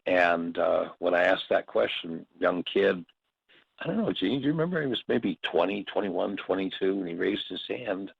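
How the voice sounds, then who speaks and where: A man's voice: low voice, expressive, moderate pace, creaky, husky, no echo, narrow, tinny audio. A man teaching a workshop, telling stories and slipping into short acted quotes. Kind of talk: reflective spoken teaching.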